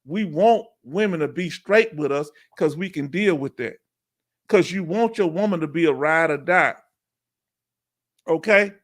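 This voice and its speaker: A man hosting a live stream, chatting casually and asking viewers questions with drawn-out emphasis. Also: a little high.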